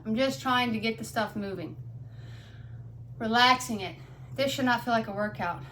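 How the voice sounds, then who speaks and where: A woman's voice: on the high side, moderate pace, sharp tone, a little hiss or hum. Breathless chatty woman fitness coach. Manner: chatty, blunt, swears casually, counts reps aloud. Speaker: fitness instructor. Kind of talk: casual workout instruction. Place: home workout room.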